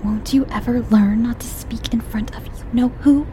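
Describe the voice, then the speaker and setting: A woman's voice: fairly high pitch, steady tone, moderate pace, dark tone, a little hiss or hum, pitched above the performer's own voice, close to an everyday voice. A woman voicing a fussy, cross young mother with a prim, scolding manner.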